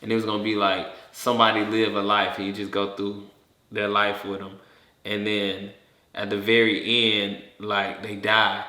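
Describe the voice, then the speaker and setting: Bright, rambling podcast man. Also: on the low side, normal speed. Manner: rambling, animated storytelling, acts out voices. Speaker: podcast co-host. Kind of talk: casual chat. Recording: echoey room.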